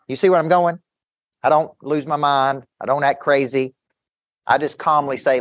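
A man's voice: fairly high pitch, fairly even intonation, normal speed, dry recording, clean studio sound. A man who works as a business coach, giving an intense motivational seminar talk to an audience, telling stories with quoted back-and-forth dialogue and repeating words as he pushes his points.

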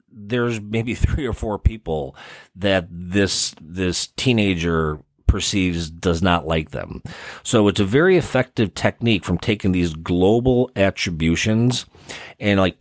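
A man's voice: fairly low pitch, no echo, studio quality. A man with a Midwestern American accent, hosting a podcast and casually explaining therapy concepts through everyday examples.

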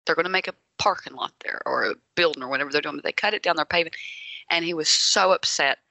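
A woman's voice: sits low, fast, vocal fry, pushed and bright, no room sound. A woman in her thirties co-hosting a casual chat, playful and teasing, laughing often.

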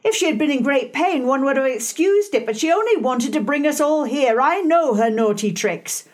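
A woman's voice: high-pitched, expressive, moderate pace, pitched above the performer's own voice. A woman voicing a scornful housemaid who scolds with contempt. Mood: disgusted.

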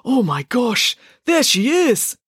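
A woman's voice: medium pitch, big pitch swings, normal speed, no echo, clean studio sound, voice pushed up. A woman reading a storybook, voicing a tall, good-natured and rather dim teenage schoolboy who talks in an eager, wide-eyed way. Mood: excited.

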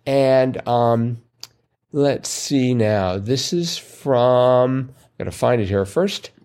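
Man co-host, mid-pitched, easygoing, rambles with fillers and dry puns. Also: extremely slow, clear, resonant tone. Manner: relaxed, wordy, many fillers, dry wordplay jokes. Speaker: podcast co-host. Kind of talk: casual chat about crosswords.

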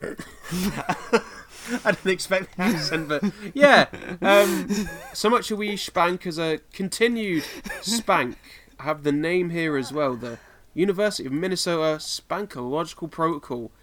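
A man's voice: fairly high pitch, expressive, unhurried, a bit bright. Rambling, laughing male podcast co-host. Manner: rambling, full of fillers and laughter. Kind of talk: casual chat.

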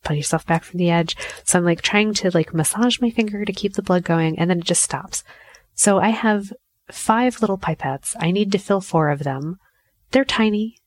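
A woman in her thirties casually telling a personal story, animated and self-mocking, acting out her own inner voice. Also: mid-range voice, normal speed, dry recording.

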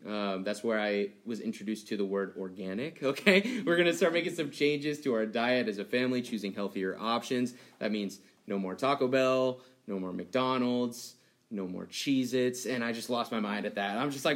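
A young adult man, a pastor, preaching a sermon in a casual, animated way, full of laughs and acted-out dialogue. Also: medium pitch, fairly quick. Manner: conversational and animated, acting out childhood dialogue with laughs.

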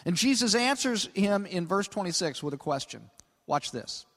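Casual male pastor, sermon in a large hall with long reverb, animated, keeps saying "okay?". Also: high voice, normal speed. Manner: conversational, peppered with 'okay?'; animated, stretches key words for emphasis.

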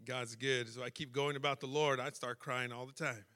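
A man preaching a sermon, emotional and personal, building to shouted fervor. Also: medium pitch, steady tone, normal speed.

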